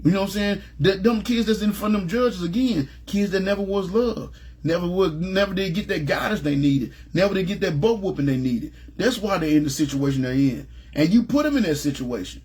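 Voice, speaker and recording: Husky-voiced, high-pitched middle-aged male preacher. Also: a little fast, darkish tone. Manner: emphatic, plain-spoken, repeats "you know what I'm saying". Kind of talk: informal Bible teaching.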